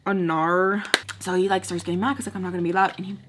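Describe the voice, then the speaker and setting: A young woman chatting through a personal story while doing her makeup, full of "like" fillers, with quotes acted out in lively bursts. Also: on the low side, racing, noisy background. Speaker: storytime vlogger.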